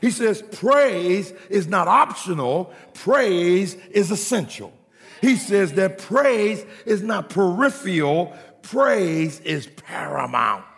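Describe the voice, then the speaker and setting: High, gravelly preacher man in a reverberant hall. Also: expressive, slow pace. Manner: call-and-response preaching, building to shouts; humorous asides to the congregation. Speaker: pastor. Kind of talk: sermon.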